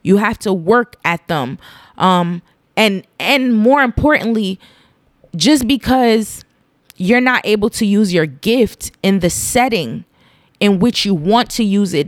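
A woman's voice: mid-range voice, a little slow, no room sound, clean studio sound. A woman in her thirties hosting her own podcast from home, rambling earnestly and getting emotional to the point of tears. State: tearful. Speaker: podcast host. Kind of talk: casual solo podcast monologue.

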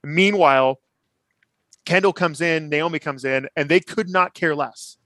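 A man co-hosting a casual TV recap podcast, retelling scenes with lively bits of acted dialogue. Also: fairly high pitch, unhurried, no room sound. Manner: animated retelling, acts out characters' lines. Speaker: podcast co-host.

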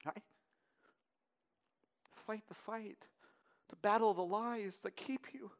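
A man preaching a sermon as pastor. He is impassioned and moves from hushed, low passages to loud, emphatic peaks. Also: takes it slowly.

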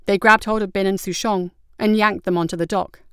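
Clear-voiced woman narrating a story. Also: medium pitch, fairly even intonation, fairly quick, fairly bright tone, no echo, clean studio sound. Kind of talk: audiobook narration.

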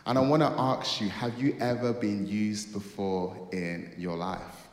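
Pastor preaching in echoey hall. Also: male voice, fairly low pitch, steady tone, measured pace. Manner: storytelling, acts out dialogue, dramatic outbursts. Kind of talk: sermon. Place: church hall. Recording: echoey hall with long reverb.

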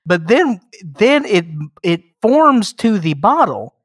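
A man co-hosts a loose podcast chat in a slightly high voice, drifting into rambling jokes and mock-formal asides. His voice sits close and dry on the mic, with no room around it. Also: big pitch swings, slow pace, no room sound. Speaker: podcast co-host. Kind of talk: casual chat.

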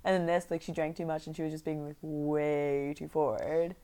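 A woman co-hosting a podcast, giving animated, opinionated takes on a reality show in casual chat. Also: low-pitched, normal speed, clear, resonant tone. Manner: opinionated, animated, laughs often. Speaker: podcast co-host.

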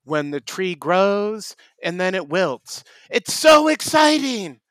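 A high, gushing rambler, as a man puts him on for a comedy podcast bit, breathless and easily sidetracked. The sound is close and dry, with no room around it. He lectures and scolds by turns. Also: slow pace, a bit bright, clean tone, dry recording. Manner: breathless gushing, drifting from topic to topic.

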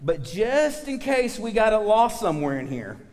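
High-voiced pastor preaching in a reverberant hall. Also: male voice, very animated, moderate pace, a little mellow. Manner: conversational preaching, asks congregation for amens. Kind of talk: sermon.

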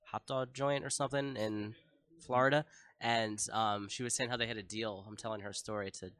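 A man's voice: fairly low pitch, steady tone, moderate pace, fairly bright tone, clean tone, no room sound. A man in a casual podcast chat, telling funny stories and laughing often.

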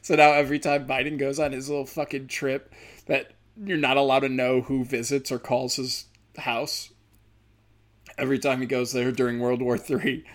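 A man, a stand-up comedian with a speech impediment, riffing in a rambling, profane podcast monologue. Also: medium pitch. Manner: rambling, profane, many fillers.

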